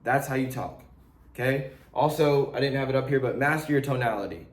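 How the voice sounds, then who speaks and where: A young man coaching beginners in a blunt, animated, slangy way, acting out sales calls as he teaches. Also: medium pitch, fairly quick. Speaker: real estate wholesaling coach. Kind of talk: casual teaching talk to camera. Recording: echoey room.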